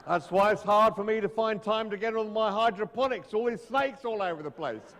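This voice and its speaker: A man's voice: high-pitched, brisk, fairly bright tone, big-room sound, pitched above the performer's own voice. A man reading aloud, putting on an Australian accent to voice a grumpy, rambling male venom scientist. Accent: Australian (put on). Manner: cranky, distracted, rambling.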